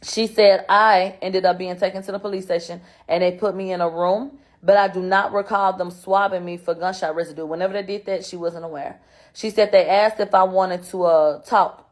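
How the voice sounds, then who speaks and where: A woman hosting a show, recapping courtroom testimony in blunt, profane, sarcastic casual commentary. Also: on the low side. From Houston, Texas. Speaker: host recapping a court trial.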